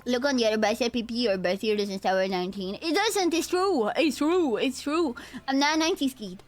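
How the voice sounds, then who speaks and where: A woman's voice: fairly high pitch, a little fast, soft background music. A woman in her twenties with a nasal voice, a VTuber chatting casually and directly with her live-stream chat. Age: 20s. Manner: chatty, talks straight to her chat, drifts between tired and energetic.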